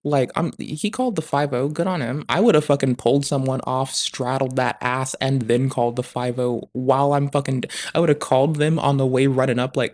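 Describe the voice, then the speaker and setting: A live streamer ranting in commentary, talking quietly and quickly, with heavy swearing and rambling asides. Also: medium pitch, fairly even intonation.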